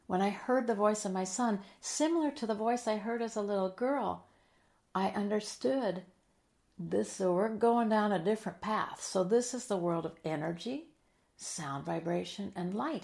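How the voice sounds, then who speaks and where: A middle-aged woman in a heartfelt interview, telling a personal story with earnest emotion, sometimes dropping soft and quiet. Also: medium pitch, moderate pace, gravelly. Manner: earnest and emotional, drops soft and quiet, then lively when quoting. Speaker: guest.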